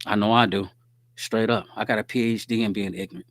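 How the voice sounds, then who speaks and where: A man's voice: fairly low pitch, steady tone, fast, no echo. Streetwise man preaching in a dry room. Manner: preachy, streetwise, talks to listeners directly. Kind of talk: casual faith-based talk.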